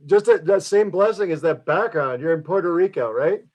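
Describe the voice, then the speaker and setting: A male co-host with a slightly high voice runs the show in a chatty, conversational way. He often doubles back on his words as he frames the topic for his guest. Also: expressive, normal speed, darkish tone. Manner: chatty, repeats words as he restarts. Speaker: podcast co-host.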